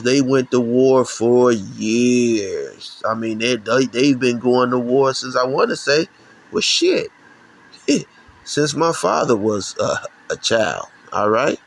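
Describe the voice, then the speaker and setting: A middle-aged man from Chicago delivers a heated, profane religious rant. His voice is gravelly, and he speaks slowly and deliberately. He often trips over his words and starts his sentences again. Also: mid-range voice, low-quality recording. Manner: heated, profane, repetitive restarts. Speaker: channel host. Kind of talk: ranting religious commentary.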